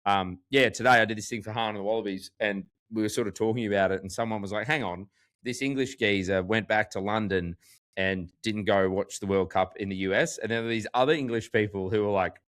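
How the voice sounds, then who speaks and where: A man with an Australian accent, co-hosting a podcast in casual chat, full of "like" and animated storytelling. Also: on the low side, fairly quick. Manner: chatty, heavy use of "like", animated storytelling. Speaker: podcast co-host.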